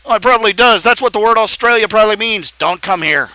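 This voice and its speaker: A man hosting a live stream, talking in a casual, animated ramble, repeating phrases and laughing at his own jokes. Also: high-pitched, fast, clear, resonant tone, no echo, rough recording.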